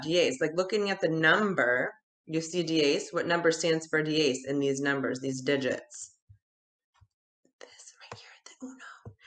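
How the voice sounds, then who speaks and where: A woman leads a cheerful children's lesson, animated and encouraging. She talks slowly and stretches out her counting. Her voice has a roomy echo around it. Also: lowish voice. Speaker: Spanish teacher for children. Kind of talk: upbeat kids' video lesson.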